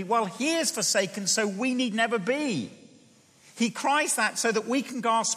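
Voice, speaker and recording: A man preaching a sermon, reading scripture aloud with emphatic, animated delivery. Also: extremely high pitch, unhurried. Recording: long hall reverb.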